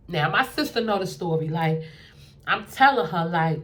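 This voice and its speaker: A young adult woman telling a dating story in a casual, animated way, acting out what people said in a lowered voice. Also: a little fast, a little hiss or hum.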